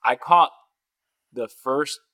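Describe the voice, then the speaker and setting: A man's voice: mid-range voice, slow. Playful man telling stories as a guest. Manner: playful, animated storyteller. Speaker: podcast guest, speaker and coach. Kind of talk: casual podcast chat.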